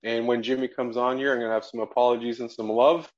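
A man's voice: mid-range voice, little pitch movement, fast. Man hosting a wrestling podcast. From Canada. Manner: jokey, laughs often, storytelling. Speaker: podcast host. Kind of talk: casual podcast chat. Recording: dull lo-fi audio.

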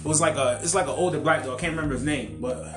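A man chatting casually as a podcast co-host, telling animated stories and acting out quotes. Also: racing, echoey room. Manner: animated storyteller, acts out quotes in higher voices. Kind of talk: casual chat.

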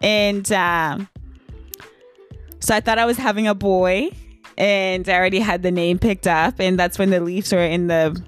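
A young woman casually telling a personal story on her vlog. She laughs often and her voice jumps high when she acts out moments of shock. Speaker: vlogger.

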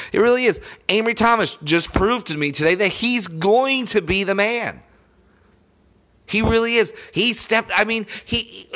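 A young man with a high, bright, sharp voice rants about his team like a fired-up fan. He is annoyed and sarcastic and swears constantly. His delivery is loose and unscripted, like a casual podcast. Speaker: sports podcaster. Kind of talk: profane fan rant.

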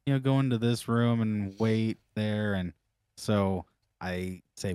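A man's voice: on the low side, animated, moderate pace, darkish tone, smooth, no echo, clean studio sound. A man co-hosting a podcast, telling a loose, rambling story with lots of laughter. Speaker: podcast co-host. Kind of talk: casual storytelling chat.

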